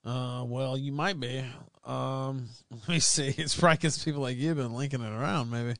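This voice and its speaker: A man hosting a casual podcast, talking in a profane, excitable, sarcastic way. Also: medium pitch, normal speed, gravelly, no room sound, clean studio sound. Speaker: podcast host. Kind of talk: casual live-stream commentary.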